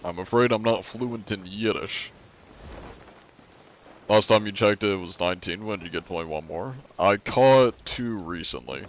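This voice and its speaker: A man's voice: on the low side, normal speed, lo-fi sound, slight background noise. A man in his twenties chatting casually on a live stream, tired and rambling with loose filler-heavy talk. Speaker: gaming streamer.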